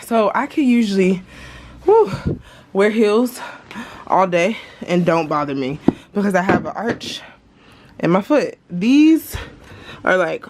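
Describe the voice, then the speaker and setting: A woman's voice: medium pitch, a little slow. A young woman vlogging casually, chatty and often laughing as she tells a story. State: out of breath at times. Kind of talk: casual vlog chat. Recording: loud street noise behind.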